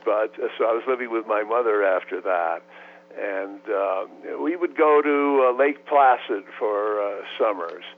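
A man's voice: fairly low pitch, measured pace. A man in his eighties from the United States, recalling his life in an oral history interview, hesitant with many fillers and restarts. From United States (Los Angeles, raised in New York City). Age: 80s. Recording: tinny phone line.

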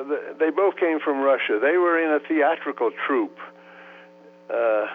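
A man in his eighties from the United States, recalling his life in an oral history interview, hesitant with many fillers and restarts. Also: medium pitch. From United States (Los Angeles, raised in New York City). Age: 80s. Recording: tinny phone line.

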